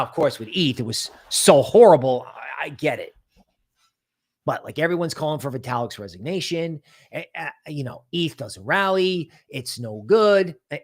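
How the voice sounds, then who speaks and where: A man hosting a casual crypto market stream, talking in an animated, rambling way full of asides. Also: on the high side. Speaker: crypto market show host.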